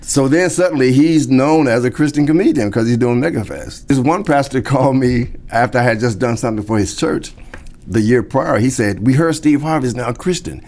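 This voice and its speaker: A man's voice: brisk, darkish tone. A middle-aged man, a comedian, telling a story in an interview and acting out the voices of the people he quotes. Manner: acts out quoted voices, shifting pitch. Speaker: comedian guest. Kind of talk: animated storytelling.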